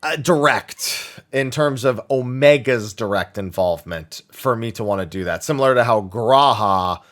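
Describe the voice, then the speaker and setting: A man hosting a weekly viewer Q&A, reading questions aloud and thinking them through in a casual, animated way. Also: mid-range voice, moderate pace. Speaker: streamer answering viewer questions.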